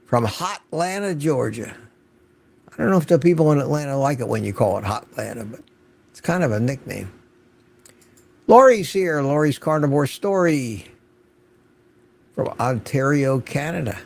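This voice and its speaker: A man's voice: fairly high pitch, expressive, unhurried, gravelly, long pauses. An older man hosting an unscripted livestream, chatting casually and greeting viewers by name from the chat. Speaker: livestream host.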